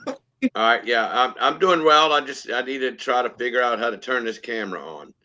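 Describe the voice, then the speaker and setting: Male guest on a video call, bright tense voice, fumbling with tech. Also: mid-range voice, expressive, fairly quick, muffled recording. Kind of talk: casual video-call chat. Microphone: remote video call.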